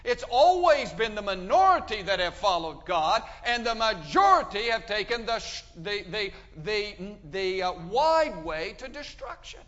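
A man preaching a sermon, emphatic, pushing his voice up loud and dropping it low. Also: sing-song, unhurried, hardly any pauses. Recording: dull sound with long hall reverb.

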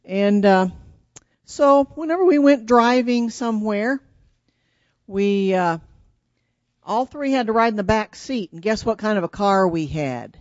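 A woman leading a church children's sermon, telling an animated story and asking the children questions. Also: mid-range voice, measured pace, pauses often, no room sound, dull audio.

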